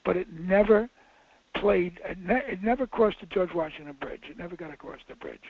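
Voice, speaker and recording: A man's voice: sits high, brisk, gravelly, slight background noise. An older man, a film director, telling rambling, self-interrupting anecdotes in a casual interview. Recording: muffled dull interview audio.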